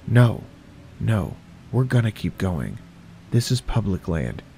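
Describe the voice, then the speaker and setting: A man voicing a reckless teenage boy who talks back with calm, defiant precision. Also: fairly low pitch, slow pace, creaky, slight background noise, exaggerated voice.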